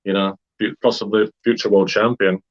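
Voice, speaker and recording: Man from wakefield, lowish voice, bright, rambling storyteller, muffled lo-fi sound. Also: level tone, moderate pace. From Wakefield, England. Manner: rambling, hesitant, many fillers. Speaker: interviewee. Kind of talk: casual storytelling.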